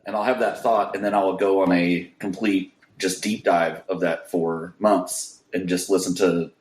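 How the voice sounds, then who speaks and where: A man's voice: low-pitched, fairly even intonation, unhurried, a little mellow, echoey room. A man from Kansas, a musician guest on a video call, chatting enthusiastically with a self-deprecating manner. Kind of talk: casual interview chat.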